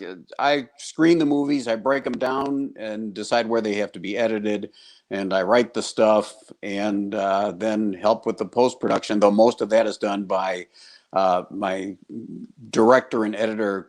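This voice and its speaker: A man's voice: lowish voice, moderate pace. An older American man from the United States, a guest TV horror host, chatting casually over a video call and laughing easily as he tells stories. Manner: chatty, laughs easily, animated when quoting people. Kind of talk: casual interview chat.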